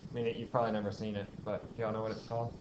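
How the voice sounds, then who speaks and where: In a dull, lo-fi classroom recording with faint hiss, a man lectures on physics very fast in a lowish, level voice. He explains step by step, puts questions to the class and tells the odd aside.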